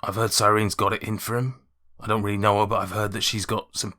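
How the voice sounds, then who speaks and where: Blunt Scouse local man, halting delivery, low register, voiced by a man. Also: level tone, pushed and bright. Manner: blunt, halting, restarts often. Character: townsman Gelrin, gruff plain-spoken local man.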